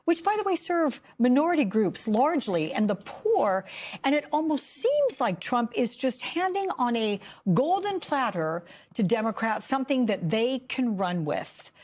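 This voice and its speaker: A woman cable news anchor who reads copy crisply and puts pointed questions to a guest. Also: on the high side, a little mellow.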